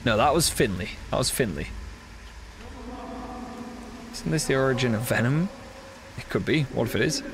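Excitable swearing man streaming a horror game. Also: medium pitch, moderate pace, long pauses, background noise. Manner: excitable, swears a lot, chats with viewers. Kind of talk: casual gameplay commentary.

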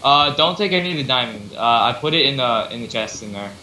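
A man's voice: medium pitch, lively intonation, brisk, sharp tone. A man in casual multiplayer gaming chat, talking in a plain, insistent way. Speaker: game player. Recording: roomy echo.

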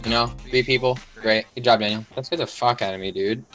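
A young man commenting on his own game, excitable and profane, yelling in panic and trash-talking other players. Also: mid-range voice, fast talker. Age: young adult. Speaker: gamer streaming a battle royale match. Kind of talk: casual gameplay commentary. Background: background music.

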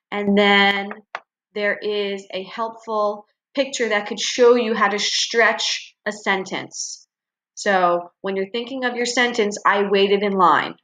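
A woman's voice: medium pitch, sharp tone. A woman teacher walking students through their assignments in a recorded online class, explaining step by step and checking in with frequent "okay" and "right.".

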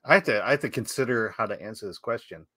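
A man co-hosting a film talk livestream, laid-back and quick to laugh. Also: fairly low pitch. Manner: laid-back, laughs often, animated storytelling. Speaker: co-host of a film talk show. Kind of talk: casual livestream chat.

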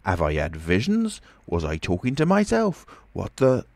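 A man's voice: sits low, huge pitch swings, normal speed, a little mellow, dry recording, exaggerated voice. A man voicing a frightened, blustering tramp who talks in coarse rustic speech, in a storybook reading. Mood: bewildered, blustering.

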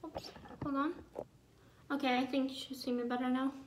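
A teenage girl with a high, bright-pitched voice chats through a casual makeup vlog. She rambles and keeps saying sorry. The sound from her phone has a roomy echo. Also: little pitch movement, moderate pace, a little hiss or hum. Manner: chatty, rambling, apologetic. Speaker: beauty vlogger. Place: home, at a homework table. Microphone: phone camera.

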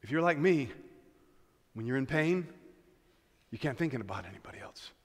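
A man preaching a sermon as pastor, dropping to a hush and then building to shouts, repeating his key phrases. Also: mid-range voice, animated, normal speed. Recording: long church reverb.

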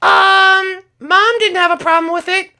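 A shrill, excitable young boy, as a man puts him on in a game role-play, loud and whiny. The voice jumps far up from the performer's own register. It comes across as high and strained. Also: unhurried, heavily acted. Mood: excited. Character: excitable young boy, son, rocket pilot.

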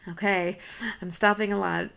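American woman prof reading a poem slow then explaining it casually, kinda gravelly creaky voice. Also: medium pitch. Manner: reads verse slowly, then explains in relaxed conversational asides. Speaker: college professor. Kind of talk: lecture on a poem, reading lines aloud and explaining.

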